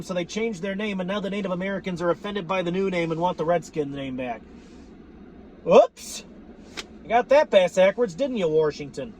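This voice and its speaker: A man ranting to camera about his football team, profane and rambling, breaking into shouts. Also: a little high, a little hiss or hum. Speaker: sports fan vlogger. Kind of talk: ranting fan commentary to camera.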